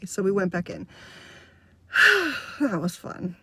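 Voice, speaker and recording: A woman's voice: mid-range voice, a little slow, long pauses, slightly rough, no echo. A woman in her fifties who directs children's theater, telling a story in a casual vlog and acting out the voices of the kids. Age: 50s. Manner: animated, acts out kids' voices in quotes.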